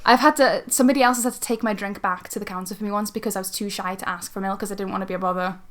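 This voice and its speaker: A woman co-hosting a podcast, chatting playfully with dramatic, quick asides. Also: mid-range voice, steady tone. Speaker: podcast co-host. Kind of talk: casual chat.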